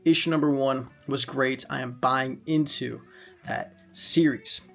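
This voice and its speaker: A man's voice: mid-range voice, fairly even intonation, a little slow, creaky, soft background music. A man casually reviewing comic books in a chatty vlog, recapping plots with fillers along the way.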